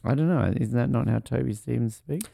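A man's voice: medium pitch, a little fast, creaky, warm tone, no room sound. A young man, co-hosting a casual movie commentary and rambling chattily with lots of ums and likes. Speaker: podcast co-host.

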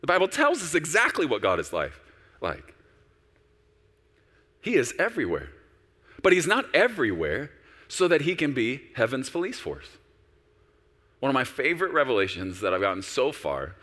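Male pastor, sermon, lively swinging delivery, bright forceful tone, long hall echo. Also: mid-range voice, normal speed, long pauses. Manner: animated, swinging from soft storytelling to loud exhortation. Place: large church auditorium with stage.

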